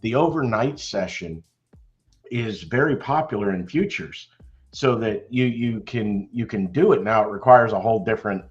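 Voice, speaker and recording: An older man chatting loudly and cheerfully on an online call about trading, laughing often. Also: on the low side, normal speed, lo-fi sound, faint music behind. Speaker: stock trading chat member. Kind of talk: casual chat.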